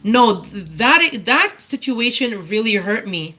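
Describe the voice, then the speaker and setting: A woman's voice: a little high, big pitch swings, takes it slowly, sharp tone. Earnest woman searching for words. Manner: searching for words, with frequent restarts and repeats; earnest and candid. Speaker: church speaker giving a tribute. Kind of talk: personal testimony, informal.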